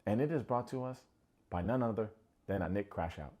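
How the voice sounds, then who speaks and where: A man hosting a comedic TV recap, sarcastic and quick to mock. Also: darkish tone. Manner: sarcastic, acts out quotes in high mocking voices. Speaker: recap show host.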